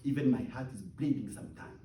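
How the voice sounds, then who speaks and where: A man preaching a sermon, emphatic and repetitive, swinging between loud outbursts and hushed near-whispers. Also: medium pitch, animated, quick pace, echoey room, distant mic, slight background noise, rough recording. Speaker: pastor.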